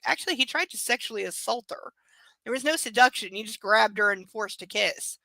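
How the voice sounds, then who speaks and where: A woman's voice: a little high, brisk, creaky, sharp tone, dry recording, rough recording. Sarcastic woman reading a book aloud. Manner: sarcastic, swears freely. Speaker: book reader.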